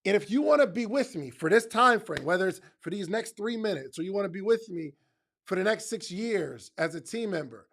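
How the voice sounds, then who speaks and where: A man's voice: high-pitched, vocal fry, a bit bright. A man giving a motivational talk in casual slang, emphatic and speaking straight to his listeners, often repeating phrases for effect.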